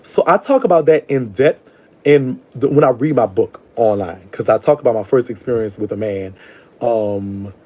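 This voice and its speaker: A man's voice: mid-range voice, moderate pace, a little mellow. A man hosting a live call-in show, rambling and blunt, affectionate with callers. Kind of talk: casual live call-in chat.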